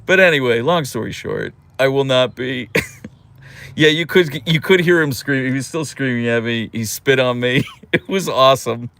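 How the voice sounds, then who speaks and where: Young male streamer, casual and animated, lively pitch swings. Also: moderate pace, vocal fry. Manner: animated storyteller, laughs often. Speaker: livestream host. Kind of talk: casual livestream chat reading comments.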